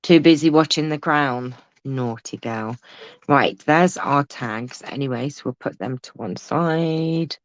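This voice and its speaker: A woman's voice: low voice, a little slow, few pauses, no room sound. Woman, craft livestream host, chatty, teasing; dry, lo-fi home recording. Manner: chatty, reads out viewer comments, teasing asides. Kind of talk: casual livestream craft tutorial.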